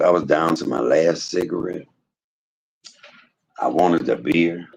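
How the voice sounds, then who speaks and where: A man's voice: very deep voice, takes it slowly, gravelly, breathy edge, poor audio. A man streaming live to his viewers, telling a story in an emphatic, preachy way, full of religious exclamations. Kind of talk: casual spoken testimony to a live chat.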